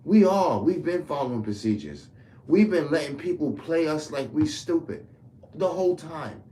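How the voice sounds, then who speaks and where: A man's voice: a little high, lively intonation, moderate pace, dark tone, a little hiss or hum. A man ranting heatedly to camera, profane and rambling. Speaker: commentator. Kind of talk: political rant to camera.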